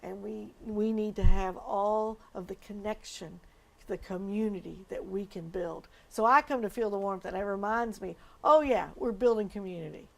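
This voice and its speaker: A woman's voice: mid-range voice, moderate pace, gravelly. A woman pastor speaking in a documentary interview, earnest and emotional as she tells her story.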